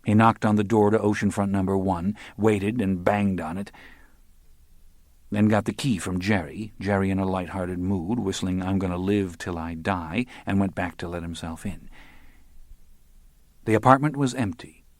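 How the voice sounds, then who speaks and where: Low-voiced male audiobook narrator. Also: fairly even intonation, normal speed, no room sound. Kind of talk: scripted narration.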